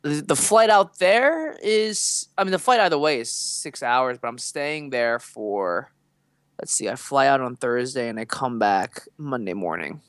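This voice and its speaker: A man's voice: medium pitch, animated, measured pace, fairly bright tone, smooth, no echo. Young male podcast co-host; rambling, filler-heavy delivery; resonant voice; dry close mic. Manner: loose, rambling storytelling with many fillers. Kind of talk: casual chat.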